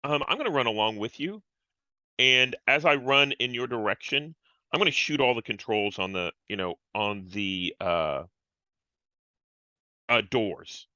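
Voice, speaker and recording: A man's voice: mid-range voice, animated, a little slow, pauses often, pushed and bright, no room sound, muffled recording. A man playing a tabletop role-playing game, hesitant and full of fillers as he describes his actions. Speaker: player. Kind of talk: tabletop game play, casual chat.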